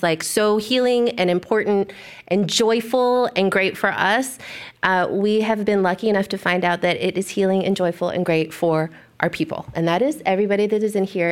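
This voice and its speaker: A woman's voice: mid-range voice, clear, resonant tone. Gushing woman co-host on stage. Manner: enthusiastic, gushing. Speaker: podcast co-host. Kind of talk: live stage conversation. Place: stage before a live audience.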